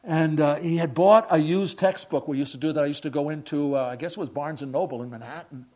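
An older man preaching a sermon, moving between quiet reflective passages and emphatic raised declarations. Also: fairly high pitch, quick pace.

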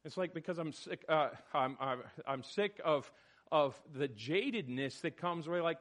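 High, lively male group leader. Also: normal speed. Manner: animated, questioning, calls on people by name. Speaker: church study group leader. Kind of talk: animated discussion leading.

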